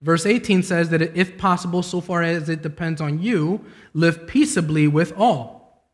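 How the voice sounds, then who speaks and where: A young man preaching a sermon, telling a story with a voice that climbs when he gets excited. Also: fairly high pitch, unhurried. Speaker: pastor. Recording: long reverb of a large hall.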